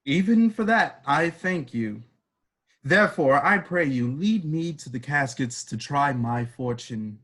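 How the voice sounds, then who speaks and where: A man reading the part of a proud, boastful prince in an amateur play reading, declaiming verse in a measured way. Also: on the high side, lively intonation, fairly bright tone. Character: proud boastful foreign prince, male adult.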